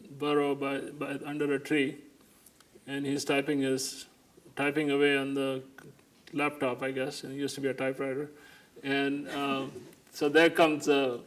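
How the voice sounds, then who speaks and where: A man's voice: medium pitch, completely flat delivery, unhurried, pauses often. A man giving a keynote lecture, telling anecdotes and jokes and laughing along with them. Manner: jokey storytelling, laughs along. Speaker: keynote speaker. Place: lecture hall.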